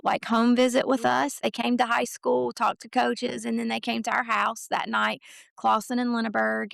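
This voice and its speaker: The guest, a middle-aged woman whose son is a college football recruit, spins a long, chatty story on a podcast, peppered with fillers and quoted voices as she retells conversations. Her gravelly, heavily fried voice runs a touch high. The recording is close-miked and dry, free of room sound.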